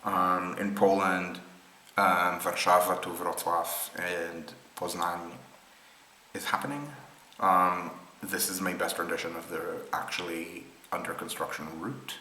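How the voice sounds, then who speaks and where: Walking through rail maps on a screen share without a script, this Israeli man speaks slowly in a low, flat voice that sounds pushed and bright, pausing often and filling gaps with ums and restarts. The recording has a roomy echo, faint ambience, and a bit of hiss or hum.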